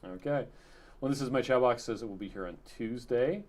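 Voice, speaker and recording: A man co-hosting a live stream, chatting casually and reading viewer comments aloud in a relaxed, quiet way. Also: medium pitch, a little fast. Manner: relaxed, reads chat messages in a quiet flat tone.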